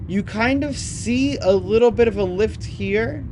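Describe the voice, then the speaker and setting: A YouTube host giving excited, casual commentary on videos, chatty and easily worked up, saying "y'all". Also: mid-range voice, measured pace. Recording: noticeable background noise.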